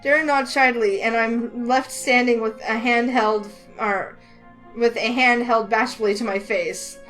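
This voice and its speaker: A woman reading a romance game aloud in a lively, excitable way, with faint music behind her. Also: fairly high pitch, measured pace, low-quality recording. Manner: lively, excitable, voices the heroine with outbursts. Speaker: gaming channel host reading a visual novel.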